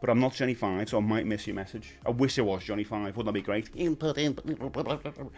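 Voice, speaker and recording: A man's voice: fairly low pitch, fairly even intonation, fast talker, darkish tone. A man, hosting a casual live stream and chatting with viewers in a rambling, friendly way. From United Kingdom. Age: 50s. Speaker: livestream host.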